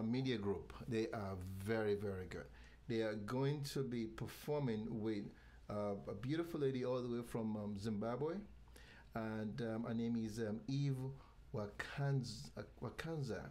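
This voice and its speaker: A man from Nigeria, a guest in a casual interview, talking in a halting way with frequent restarts. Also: mid-range voice, darkish tone. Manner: halting, many restarts, promotional. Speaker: guest, venue owner.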